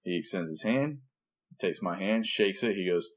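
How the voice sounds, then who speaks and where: A man co-hosting a podcast, telling a story in a playful, animated way and acting out the dialogue. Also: low voice, moderate pace. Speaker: podcast co-host, preacher. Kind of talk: casual storytelling chat.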